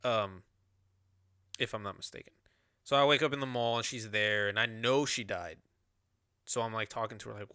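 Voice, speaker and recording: A man's voice: on the low side, normal speed, long pauses, bright, forceful tone, clean tone, no echo, clean studio sound. A man telling a personal story in a rambling, casual way, with lots of swearing and fillers.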